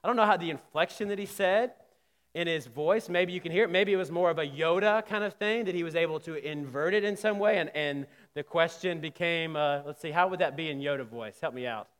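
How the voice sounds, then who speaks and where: High-voiced guy preaching, chatty, restarts a lot, big echoey church sound. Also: a little fast, fairly bright tone. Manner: conversational preaching with emphatic rises and hesitant restarts. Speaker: pastor. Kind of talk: sermon.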